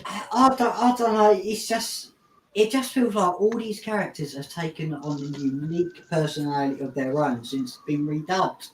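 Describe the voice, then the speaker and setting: A man's voice: fairly high pitch, moderate pace, slight background noise. A man hosting a casual podcast chat, laid-back and rambling with chuckles. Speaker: podcast host. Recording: roomy echo.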